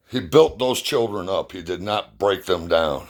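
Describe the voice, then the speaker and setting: A man's voice: low-pitched, unhurried. A middle-aged man casually telling a personal story in a blunt, plainspoken way, cursing freely. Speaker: youth baseball parent and assistant coach.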